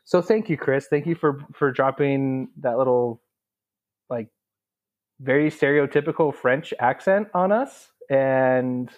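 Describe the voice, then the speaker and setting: A man in his thirties co-hosts a podcast in loose, casual chat. He restarts and repeats his words as he goes, and his pitch sits in a plain middle range. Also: dull audio. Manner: halting, repeats words as he talks. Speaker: podcast co-host.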